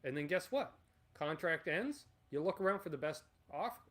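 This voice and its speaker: A man's voice: fairly high pitch, expressive, normal speed, fairly bright tone. A man in his forties hosting a casual livestream Q&A, rambling and blunt and swearing freely. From Canada. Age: 40s. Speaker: channel host.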